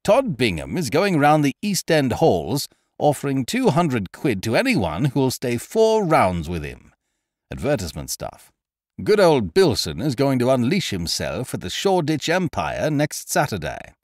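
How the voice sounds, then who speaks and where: A man playing a loud, swaggering young fight manager from a storybook. His talk is hearty and boastful, full of grand schemes. His pitch swings widely, and the recording is close and dry. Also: wildly swooping pitch, a little slow, no echo. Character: exuberant, blustering young male boxing manager.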